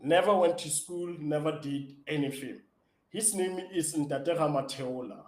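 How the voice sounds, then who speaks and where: A man from Africa, answering interview questions as an app founder in an excitable, enthusiastic way. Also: on the high side, unhurried. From South Africa. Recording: roomy echo.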